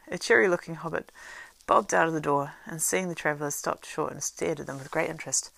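A woman reading a story aloud as narrator, at a steady pace with small slips and restarts. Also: sits low, a little fast, gravelly, few pauses, dry recording, rough recording.

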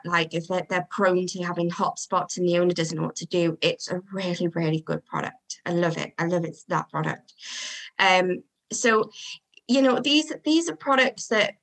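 A woman's voice: lowish voice, low-quality recording. A woman, a dog groomer, chatting in an interview and acting out what her customers say. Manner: chatty, animated, acts out customers' voices. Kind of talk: casual interview chat.

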